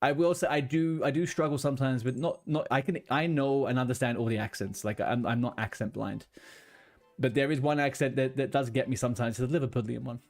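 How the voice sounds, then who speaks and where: A man's voice: medium pitch, fairly even intonation, fairly quick, faint music behind. Ranting streamer guy. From London, England. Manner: chatty, ranting, swears freely. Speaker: livestreamer. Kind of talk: casual chat with viewers. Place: home room with a blue wall.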